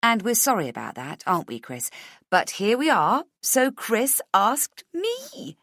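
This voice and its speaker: A gushing, pushy young woman coworker, put on by a female audiobook reader. Her lines leap up high and swing with lively energy. The sound is close and dry. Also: measured pace, no room sound, heavily acted. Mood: excited. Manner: gushing, excitable.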